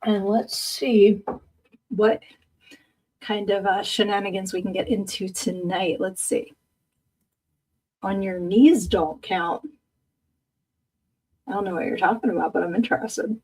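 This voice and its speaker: A woman's voice: medium pitch, steady tone, unhurried, pauses often, a little mellow, husky. A woman in her fifties hosting a live-streamed podcast, chatting casually with viewers in a rambling way, laughing easily and tired from little sleep. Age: 50s. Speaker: podcast host.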